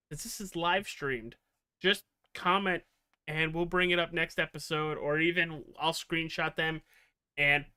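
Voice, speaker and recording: A man's voice: fairly high pitch, sharp tone, clean tone, no room sound, studio quality. A man hosting a casual live podcast, rambling through announcements with many fillers. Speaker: podcast host.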